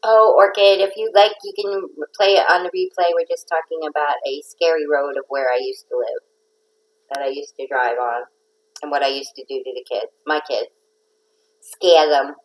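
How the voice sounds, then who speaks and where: Low-voiced chatty woman telling a story. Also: steady tone, normal speed, low-quality recording. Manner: chatty, rambling, playful. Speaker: host of a craft livestream. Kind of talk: casual livestream storytelling.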